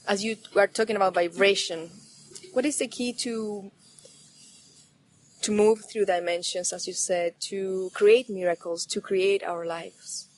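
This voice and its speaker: A woman hosting an interview, asking questions in a soft, reflective, somewhat hesitant way. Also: mid-range voice, low-quality recording. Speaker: podcast host.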